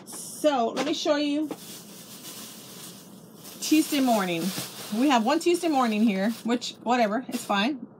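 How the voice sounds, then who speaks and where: A middle-aged woman speaks in a high, expressive voice at a measured pace, pausing often, as she shows off a craft haul at home. She gushes and restarts sentences in this casual chat, and a little hiss or hum can be heard.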